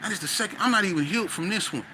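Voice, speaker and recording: A man, a podcast guest, tells a story in a lively, slangy way and acts out scenes with sound effects. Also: high voice, rapid-fire, slight background noise. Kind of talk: animated storytelling.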